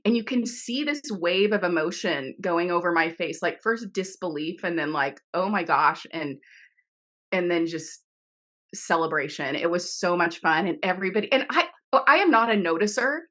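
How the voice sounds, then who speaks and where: A middle-aged woman, an author, telling a story in a casual interview over a video call, animated and laughing often, with many restarts. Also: lowish voice, normal speed. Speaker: author guest.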